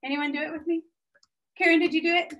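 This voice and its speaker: A woman giving an energetic workshop talk as a guest speaker, chatty and encouraging as she speaks straight to the audience. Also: extremely high pitch, fast talker. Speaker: guest speaker and business owner.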